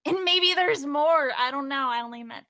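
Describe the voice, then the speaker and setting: A woman's voice: high-pitched, normal speed, pushed and bright, no room sound. Woman playing a bubbly, giggly young woman. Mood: chatty. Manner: giggly, chirpy and eager to please. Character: bubbly childlike young woman alter, cheerful and unreliable. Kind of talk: voicing a character in a tabletop game.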